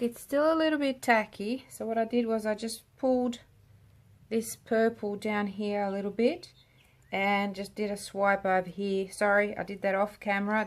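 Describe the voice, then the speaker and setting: A woman giving a chatty, murmured running commentary while she works on resin art at home, often trailing off mid-thought. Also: medium pitch. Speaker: resin artist. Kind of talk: casual narration while working. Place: indoor home art studio with a window.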